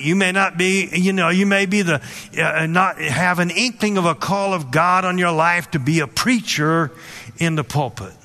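Bright-voiced man preaching with emphatic asides. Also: fairly high pitch. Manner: storytelling, repeats words, emphatic asides. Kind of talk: sermon.

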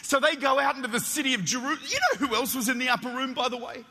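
An Australian man preaches with a very high, sharp, piercing voice, tumbling into excited stammers as he tells his stories. His sermon rings out through a church with a long, echoing hall reverb. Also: very fast, husky. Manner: energetic, animated storytelling with stammered restarts.

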